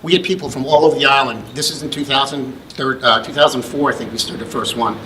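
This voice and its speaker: A man's voice: medium pitch, fast, sharp tone, slight background noise, poor audio. A middle-aged American man presenting an award at a ceremony, telling a long anecdote with restarts and fillers. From United States. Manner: rambling anecdotal delivery with many restarts. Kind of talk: storytelling speech. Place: function room.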